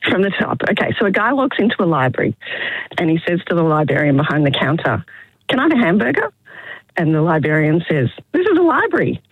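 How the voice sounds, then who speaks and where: A woman's voice: low voice, sing-song, fast talker, slightly rough, no room sound. A woman calling a radio show from her car, telling a joke in a chatty, cheerful way. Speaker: caller. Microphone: phone. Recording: crackly phone line.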